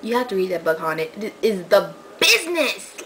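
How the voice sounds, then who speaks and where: A young woman vlogging casually, telling a story in a rambling, excitable way with lots of fillers, swinging between loud outbursts and muttered asides. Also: medium pitch, normal speed, a little hiss or hum, poor audio. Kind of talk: casual vlog chat.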